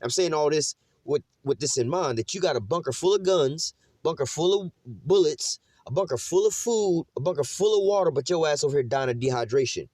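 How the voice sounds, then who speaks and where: A man's voice: fairly high pitch, animated, fairly quick, darkish tone, dry recording, studio quality. A man giving an informal scripture teaching, preachy and mocking, full of street slang and cursing. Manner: frequent "man" and "you know what I'm saying". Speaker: religious teacher.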